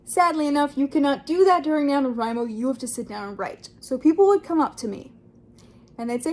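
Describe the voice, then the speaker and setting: Bubbly high-voiced young woman. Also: expressive, brisk, darkish tone. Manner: bubbly, acts out quoted voices. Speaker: writing vlogger. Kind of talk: casual talk to camera.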